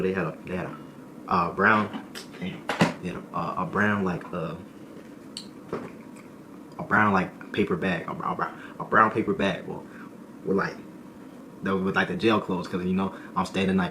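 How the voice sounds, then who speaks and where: Deep-voiced young man telling a comic story. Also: background noise. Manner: animated slang-heavy storytelling, repeating "boy" and "folk"; laughs often, repeats lines for effect. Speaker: streamer. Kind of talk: comedic storytime.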